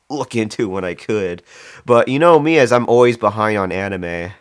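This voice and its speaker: A man's voice: low-pitched, a bit bright, clean tone, no echo, studio quality. A man streaming live, chatting casually and rambling between chat messages, with many fillers and restarts.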